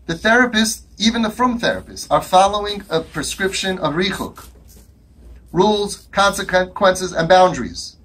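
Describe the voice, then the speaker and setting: Brief: man with a high, husky voice, emphatic speaker to an audience. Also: expressive, moderate pace, fairly bright tone. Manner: emphatic, rhetorical questions, acts out dialogues. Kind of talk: impassioned talk to a live audience.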